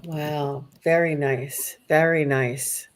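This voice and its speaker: A woman hosting a spiritual livestream, soft-spoken and gushing as she thanks her viewers. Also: sits low, steady tone, slow. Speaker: livestream host. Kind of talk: live stream chat.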